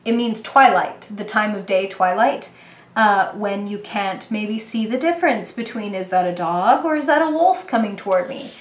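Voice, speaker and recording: A woman giving a casual, playful tarot reading to the viewer, chatty and quick to laugh. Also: a little high, reverberant. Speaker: tarot reader.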